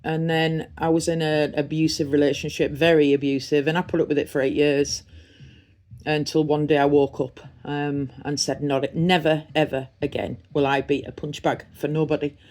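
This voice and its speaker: A middle-aged woman with a Teesside accent talks in a fairly low voice. She rambles warmly and chattily, gushing now and then, as if to friends in a casual unboxing vlog. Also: flat delivery, normal speed. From Redcar, North East England. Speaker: vlogger.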